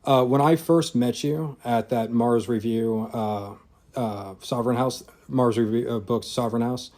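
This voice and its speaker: A man's voice: medium pitch, fairly even intonation, unhurried, a little mellow. A man from Louisiana hosting a podcast interview, speaking hesitantly with frequent restarts. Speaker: podcast host. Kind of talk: casual interview chat.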